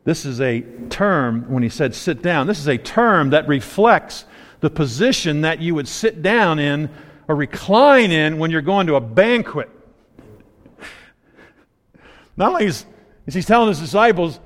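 Male preacher, relaxed storyteller who voices the characters, lively and bit high, reverberant room. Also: moderate pace. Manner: conversational, playful storytelling with voiced asides. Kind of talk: sermon.

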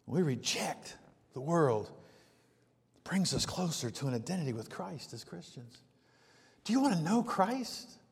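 A male preacher delivering a sermon, swinging between loud emphatic peaks and hushed low passages. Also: sing-song, unhurried, long pauses, slightly rough, big-room sound.

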